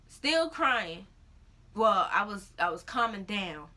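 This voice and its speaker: Lively young woman telling a story. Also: takes it slowly. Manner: animated, acts out her own crying in high-pitched quotes. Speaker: vlogger. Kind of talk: casual storytelling. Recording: faint background noise.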